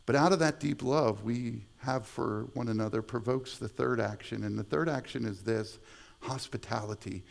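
A man's voice: mid-range voice, normal speed, vocal fry. A middle-aged male pastor preaching a sermon in a conversational way, repeating words and adding asides. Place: church sanctuary.

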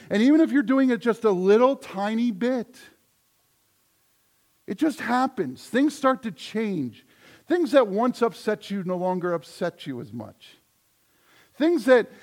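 A man preaching from the pulpit in a fairly high voice. He leans hard on key words with loud declarations, then drops to soft, quiet asides. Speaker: pastor. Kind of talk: sermon.

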